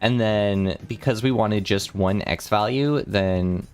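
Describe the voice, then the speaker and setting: A young man on a casual study livestream, working through math problems out loud, rambling and correcting himself as he talks to chat. His voice is still a little rough from the morning. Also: on the low side, takes it slowly, soft background music. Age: young adult. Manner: rambling, self-correcting, chatty with chat readers. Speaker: vtuber math streamer.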